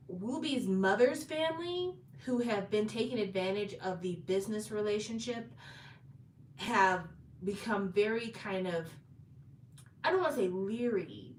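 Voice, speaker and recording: A woman chats through a story recap, stumbling into restarts and fillers as she goes. Her voice sits at a middle pitch. She sounds a little far from the mic in a roomy space with a faint hiss of noise behind her. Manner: chatty, retelling with fillers and restarts. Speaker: drama recap host. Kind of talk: casual plot recap.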